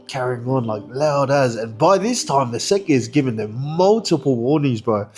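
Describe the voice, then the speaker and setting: Laughing young Australian man telling a yarn. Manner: laughs often, slangy, swings high when excited. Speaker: storyteller. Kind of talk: casual storytelling.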